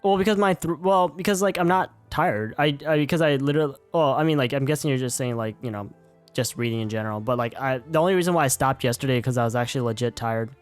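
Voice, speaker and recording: A man's voice: medium pitch, quick pace, soft background music. A man streaming a game, chatting casually in a rambling, self-correcting way and swearing now and then. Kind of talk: casual live-stream chat.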